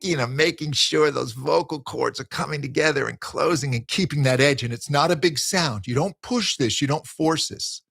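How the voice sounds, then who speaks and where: A man's voice: a little high, moderate pace, vocal fry, hardly any pauses, a bit bright, breathy edge. A man teaching singing in a live question-and-answer session, explaining with restarts and breaking into sung exercises. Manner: thoughtful, restarts phrases.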